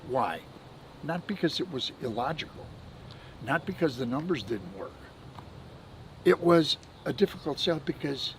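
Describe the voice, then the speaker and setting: A man's voice: mid-range voice, a bit bright, a little hiss or hum, poor audio. A man in his seventies, a podcast guest, telling folksy business anecdotes and chuckling between stories. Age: 70s. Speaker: podcast guest, benefits administrator. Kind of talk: anecdotal storytelling.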